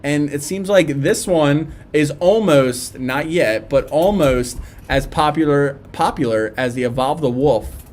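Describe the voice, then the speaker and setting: A man's voice: on the high side, unhurried, a little mellow. A man with a Philadelphia accent hosting a casual live stream, chatting and reading viewer comments aloud with plenty of fillers.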